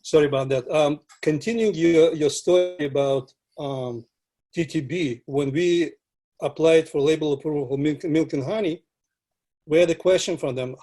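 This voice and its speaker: A man with a somewhat high voice speaks English as a second language. He chats casually about whisky and restarts his sentences often as he searches for words. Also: dark tone. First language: not English. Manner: halting, with frequent restarts and filler. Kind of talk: casual conversation.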